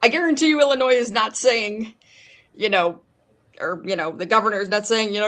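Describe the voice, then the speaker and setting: A woman's voice: medium pitch, fairly quick, a bit bright. A woman co-hosting a casual livestream, talking animatedly and full of "you know" fillers. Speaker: podcast co-host.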